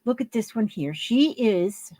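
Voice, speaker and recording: A woman's voice: on the high side, animated, measured pace, mellow, no room sound. An older woman talking casually to camera at home while she shows her handmade crafts, rambling and homey, with lots of fillers and restarts.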